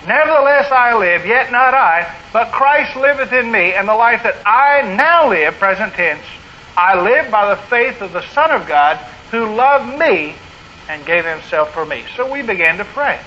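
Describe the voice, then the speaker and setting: A man's voice: high voice, animated, measured pace, bright, forceful tone. A man preaching a sermon in an earnest manner, building to emphatic repetition. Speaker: pastor. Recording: dull lo-fi recording with faint noise.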